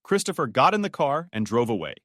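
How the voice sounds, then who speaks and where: A man's voice: mid-range voice, very animated, fairly quick, a bit bright, no echo, clean studio sound. A man narrating a scripted drama story in a dramatic storytelling manner.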